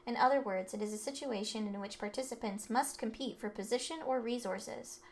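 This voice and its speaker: A woman reading a calm, analytical teenage girl explaining things in measured tones. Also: a little high, a little hiss or hum, natural voice. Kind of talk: reading game dialogue aloud.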